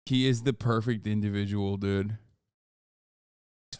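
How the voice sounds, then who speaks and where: A man commenting on a video live on stream, excitable and profane. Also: on the low side, normal speed, smooth, no room sound, studio quality.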